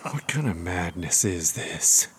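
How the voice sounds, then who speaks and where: A man's voice: deep voice, expressive, measured pace. A man playing a greedy, hot-headed gunslinger who talks in a brash, demanding way. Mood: indignant. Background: loud music.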